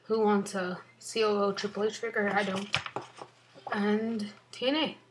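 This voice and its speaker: A young woman chatting excitedly in a casual unboxing vlog from her bedroom, rambling, swearing often and sometimes whispering. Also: mid-range voice, unhurried, noisy background. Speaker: vlogger.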